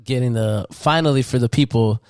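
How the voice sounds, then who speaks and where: A man co-hosting a podcast in casual chat, relaxed and a little hesitant. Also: mid-range voice, brisk, no echo, clean studio sound. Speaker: podcast co-host.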